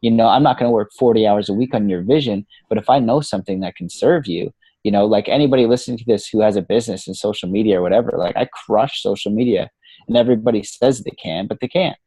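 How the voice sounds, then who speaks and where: A man's voice: on the low side, fast talker, warm tone, husky, no echo. A man guesting on a podcast as a coach, talking casually and with animation, swearing freely and saying "man" and "you know" a lot. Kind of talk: casual interview talk.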